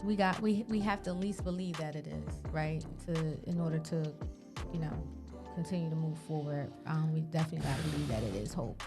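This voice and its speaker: A woman co-hosting a casual podcast, relaxed and encouraging, often agreeing as she talks things through. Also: deep voice, brisk, music in the background. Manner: relaxed, supportive listener with frequent affirmations. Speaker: podcast co-host.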